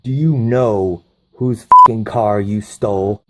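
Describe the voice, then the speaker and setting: A man's voice: fairly low pitch, takes it slowly, heavy background noise. A man doing a stern mob boss. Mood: menacing. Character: stern middle-aged male mob boss.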